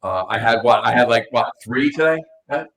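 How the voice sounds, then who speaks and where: A man's voice: mid-range voice, animated, brisk, a bit bright, rough recording. A man co-hosting a podcast, talking loosely and at length in a casual chat over beers. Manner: loose, rambling list-making. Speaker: podcast co-host.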